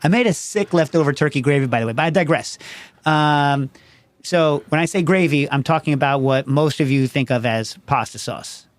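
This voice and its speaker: A man's voice: on the high side, moderate pace, no echo. A man hosting a casual call-in show, rambling and digressive, constantly asking "you know what I mean" as he talks. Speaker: show host.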